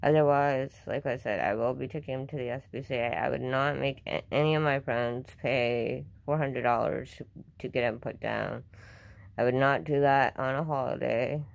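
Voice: medium pitch, steady tone, moderate pace, vocal fry. An upset vlogger talks casually to camera at home, defensive and repeating themselves.

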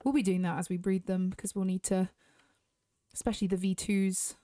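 With a warm, level, medium-pitched voice and a brisk pace, a British gaming YouTuber talks directly to viewers as she plays a horse game. She's chatty and casual, posing questions and musing aloud, with no room sound.

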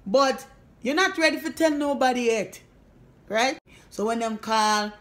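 A woman's voice: a little high, measured pace, a bit bright. A woman playing a brash, sassy woman with a Jamaican accent who gives a bossy, emphatic mock lesson in a comedy sketch. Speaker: mock language teacher.

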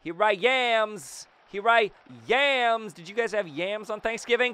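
Excitable young man with a crisp voice. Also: high voice, unhurried, few pauses, no echo. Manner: excitable, jokey, frequent loud outbursts. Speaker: gaming YouTuber. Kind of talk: casual gameplay commentary.

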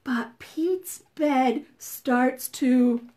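High-voiced, slow storytime librarian woman. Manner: animated, sing-song, slow and deliberate. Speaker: children's librarian. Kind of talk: preschool storytime reading.

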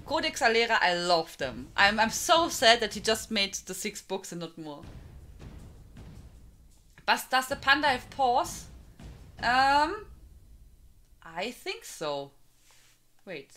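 A woman's voice: a little high, sing-song, takes it slowly, pauses often, pushed and bright, faint music behind. A woman from Germany with a strong German accent, chatting casually on a live stream, greeting viewers by name and laughing often.

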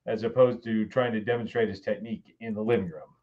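Older guy, dry and slow-winding storyteller, sounds a bit muffled. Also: lowish voice, steady tone. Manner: dry, measured storytelling with many pauses. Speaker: guest, host's father. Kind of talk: casual chat.

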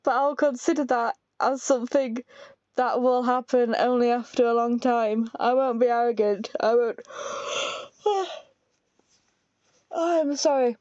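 A woman's voice: fairly high pitch, a little slow, a little mellow, no room sound, dull audio, natural voice. A woman reading a timid, clingy young man from a game, pleading and apologetic.

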